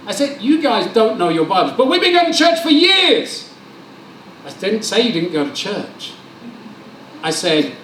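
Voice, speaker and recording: Animated preacher in a hall. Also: male voice, high-pitched, fairly quick, slight background noise. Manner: animated, joking, acts out dialogue. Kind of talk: lively sermon with storytelling. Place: church hall. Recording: roomy hall sound, mic at a distance.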